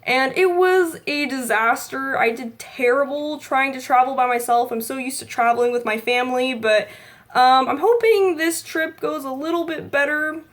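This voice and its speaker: A woman's voice: high-pitched, moderate pace. A woman, chatting casually to camera in a rambling vlog full of likes and ums. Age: 20s. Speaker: vlogger.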